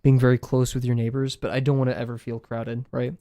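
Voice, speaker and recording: A young man streaming his drawing session, rambling casually with viewers, self-deprecating and quick to laugh. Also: medium pitch, level tone, warm tone, dry recording. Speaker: drawing livestreamer.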